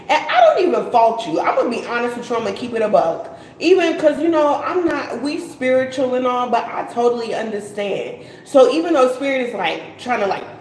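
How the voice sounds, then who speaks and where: A woman's voice: fairly high pitch, a little mellow, echoey room, rough recording. A woman giving a casual live tarot reading, chatty and slangy, laughing and swearing as she talks. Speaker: tarot reader.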